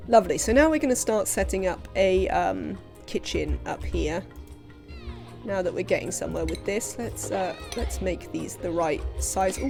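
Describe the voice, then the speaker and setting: A woman chatting casually while livestreaming a video game, rambling and filling pauses with "um" and "uh". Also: mid-range voice, vocal fry. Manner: rambling, chatty, frequent fillers. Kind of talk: casual live gameplay commentary.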